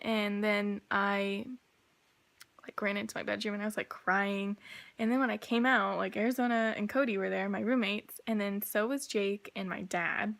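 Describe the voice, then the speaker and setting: A woman's voice: mid-range voice, steady tone, moderate pace, gravelly, fairly bright tone. A young woman vlogging casually as she tells a long story, rambling with lots of filler words. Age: young adult.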